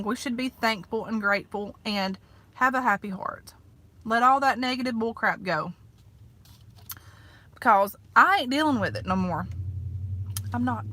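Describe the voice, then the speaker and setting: A chatty woman in her thirties with a Southern US accent, talking to her viewers from inside a parked car. Her voice is bright and a touch high, folksy and full of "honey" and "like". The talk is loose and casual. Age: 30s. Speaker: vlogger. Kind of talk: casual eat-with-me vlog chat.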